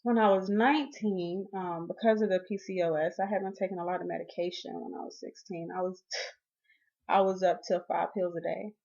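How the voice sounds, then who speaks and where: A woman in her twenties telling a personal story to her viewers, animated and acting out what she and others said. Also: fairly low pitch, fairly quick, gravelly, highs cut off. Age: 20s. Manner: animated, acts out her own and others' quoted lines. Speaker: vlogger.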